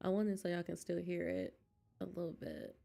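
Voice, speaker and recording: Her lowish, gravelly voice is warm and swings widely in pitch, moving at a fairly quick clip. She's a woman streaming a game from home close to a desk mic, chatty and giggly, talking to chat and laughing often.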